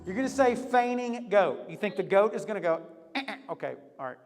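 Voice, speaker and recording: A man hosting a lively game for a group, upbeat and teasing, laughing often. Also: sits high, quick pace, in a large hall, faint music behind. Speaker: youth leader hosting a game.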